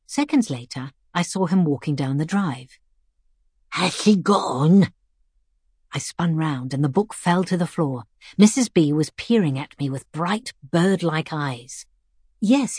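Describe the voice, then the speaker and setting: Woman storyteller, reflective and measured; breathy, low voice on a dry recording. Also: darkish tone, no echo. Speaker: narrator. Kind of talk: scripted first-person story narration.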